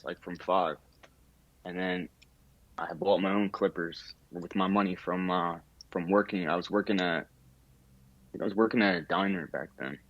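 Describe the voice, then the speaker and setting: A young barber talks through his story in a relaxed, casual interview. His voice sits low, full of fillers, and he acts out the voices of people he quotes. The sound is dry and slightly muffled. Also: dry recording.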